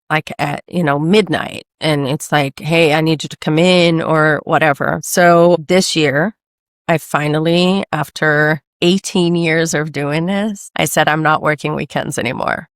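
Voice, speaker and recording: A woman in her forties from Brazil, telling her story in a casual interview in an animated way, with many restarts and acted-out quotes. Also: low-pitched, dry recording, clean studio sound. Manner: animated, restarts often, acts out quoted voices. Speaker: guest, medical sales rep and mother.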